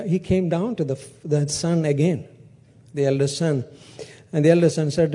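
A man's voice: on the high side, moderate pace, dark tone, husky. A man preaching a sermon, retelling a parable with acted-out dialogue and frequent restarts.

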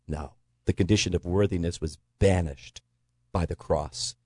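A man in a conversational Bible teaching talk, earnest and emphatic, slowing down to stress key words. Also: low voice, steady tone, mellow, slightly rough, dry recording. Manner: earnest, emphatic preaching cadence with slow stresses.

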